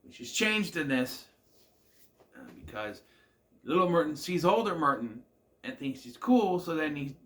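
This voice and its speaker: A man's voice: fairly high pitch, big pitch swings, measured pace, pauses often, a bit bright. Man rambling through an episode recap. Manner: rambling, many fillers and restarts. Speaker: show reviewer.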